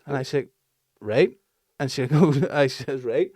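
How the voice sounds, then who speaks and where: A man's voice: medium pitch, a little slow, no echo, clean studio sound. A man, co-hosting a casual talk show and telling stories about his kids with plenty of swearing. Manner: swears freely, animated storytelling. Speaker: podcast co-host. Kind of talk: casual chat.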